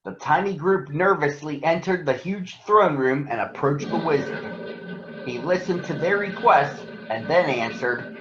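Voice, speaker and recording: A man reading a children's story aloud as a storyteller, in a slow, expressive way. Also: fairly high pitch, over music. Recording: roomy, dull sound.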